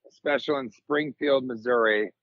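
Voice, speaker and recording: A man in his forties, a comedian guest on a podcast, telling rambling stories in casual chat and jumping into high comic voices when quoting people. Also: normal speed, no room sound, highs cut off. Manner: rambling, animated storyteller, jumps into high comic voices for quotes.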